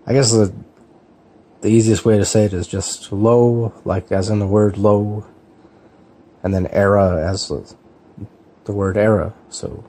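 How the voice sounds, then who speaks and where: A man in his thirties from California, chatting casually in a relaxed, hesitant way with lots of fillers and restarts. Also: lowish voice. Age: 30s. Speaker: book vlogger. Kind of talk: casual chat, answering a tag.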